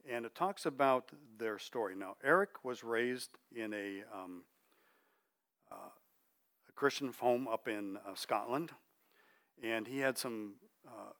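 Middle-aged man preaching a conversational sermon. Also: fairly low pitch. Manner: chatty, checks in with the room with "okay?", drops softly for emphasis.

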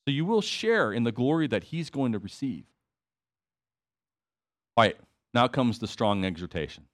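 A man's voice: medium pitch, lively intonation, normal speed. A man preaching a sermon to his congregation, conversational with emphatic repetition and asides. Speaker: pastor.

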